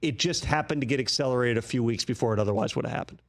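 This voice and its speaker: A man guest-hosting a sports talk show, breaking down trade news in a measured, analytical way. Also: medium pitch. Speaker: guest host.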